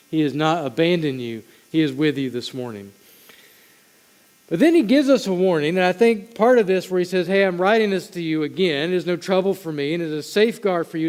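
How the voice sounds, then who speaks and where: A man's voice: high voice, darkish tone. A man preaching a sermon to his congregation in a conversational way, with asides to the people in front of him. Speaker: pastor. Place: church sanctuary. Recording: long hall reverb.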